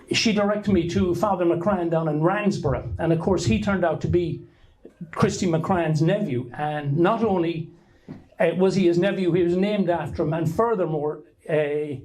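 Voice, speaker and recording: A man's voice: on the high side, a little mellow, poor audio. A middle-aged Irish man telling a rambling, anecdotal story to an audience at a book launch, often restarting his sentences. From Ireland. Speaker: author giving a talk.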